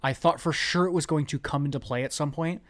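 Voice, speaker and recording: This podcast host has a fairly high voice and talks fast as he gushes casually about a movie. He enthusiastically acts out scenes, voicing the quotes in character.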